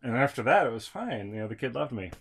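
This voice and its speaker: A man's voice: medium pitch, big pitch swings, fast talker, a bit bright, breathy edge. A man in casual podcast chat, telling a childhood story with lots of swearing and acted-out quotes. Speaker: podcast host.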